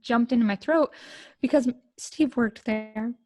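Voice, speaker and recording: A middle-aged woman from the United States, a podcast guest telling a personal story in an emotional, halting way with many fillers. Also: on the high side, dark tone, dry recording.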